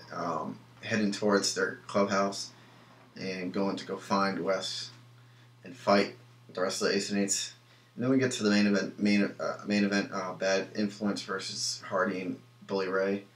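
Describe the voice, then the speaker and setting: A man's voice: sits low, a bit bright. Opinionated young man in an echoey room. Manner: rambling, many ums and restarts, opinionated. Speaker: wrestling show reviewer. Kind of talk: casual solo review.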